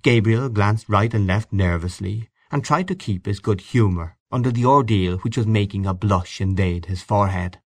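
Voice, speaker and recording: A man narrating a literary story in a lively, measured reading. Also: lowish voice, no echo. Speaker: audiobook narrator.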